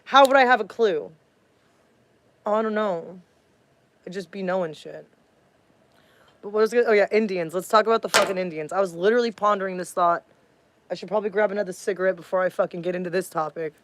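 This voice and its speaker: A woman's voice: mid-range voice, brisk, long pauses, no echo. Profane, rambling woman streamer. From United States. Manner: profane, rambling, loses her train of thought. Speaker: livestreamer. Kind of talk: casual livestream rant.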